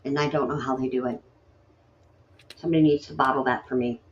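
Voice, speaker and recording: A woman's voice: extremely low pitch, steady tone, fairly quick, lo-fi sound. A woman hosting a late-night poetry stream, chatting casually in a rambling, grumbly, self-deprecating way. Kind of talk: casual chat.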